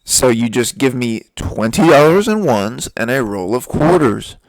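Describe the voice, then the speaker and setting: In a casual storytelling monologue, a young podcast host rants and swears in a relaxed way. He speaks a little slowly in a mid-range voice with lively intonation, recorded dry.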